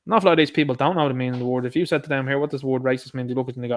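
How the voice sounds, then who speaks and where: A man's voice: mid-range voice, fairly even intonation, rapid-fire, hardly any pauses. A man hosting a livestream, chatting casually and reading out viewers' comments and answering them. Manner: chatty, talks back to chat comments. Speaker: livestream host.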